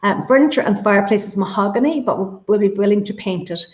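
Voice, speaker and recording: A woman's voice: mid-range voice, fast talker. A woman with a Donegal accent hosting a live-streamed interview, enthusiastic and effusive as she reads out viewer questions. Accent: Irish, Donegal. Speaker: host. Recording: echoey room, dull lo-fi sound.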